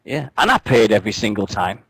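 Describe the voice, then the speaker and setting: A man's voice: on the low side, big pitch swings, quick pace, gravelly, fairly bright tone, a little hiss or hum, poor audio. A man co-hosting a wrestling radio show, bantering casually, joking and swearing as he rambles through stories.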